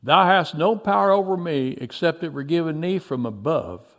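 A man reading a biblical story aloud, voicing a calm, solemn teacher on trial in a soft, low, measured way.

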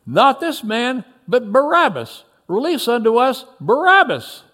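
A man voicing members of an angry crowd who shout loud demands. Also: very high voice, wildly swooping pitch, measured pace, pitched above the performer's own voice, full character voice. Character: angry shouting mob of men.

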